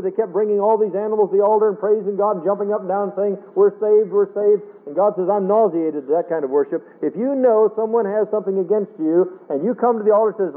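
High-voiced preacher on tinny radio. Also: male voice. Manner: earnest, pleading, quotes scripture in King James wording. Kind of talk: sermon. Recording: tinny phone-like radio broadcast.

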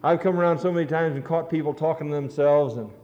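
A man preaching a sermon in a mellow, slightly high voice. He tells it earnestly and lifts his voice for emphasis. The recording is dull and lo-fi. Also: steady tone, fast. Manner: earnest storytelling, rising for emphasis.

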